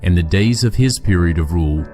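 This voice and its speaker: Man with a really deep voice reading old scripture slow and solemn, soft music under it. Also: expressive. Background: faint music.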